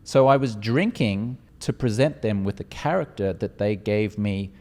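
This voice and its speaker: An Australian man telling his story as a guest in an interview, animated and acting out quotes. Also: lowish voice, normal speed, long reverb tail. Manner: animated, acts out quotes with voices.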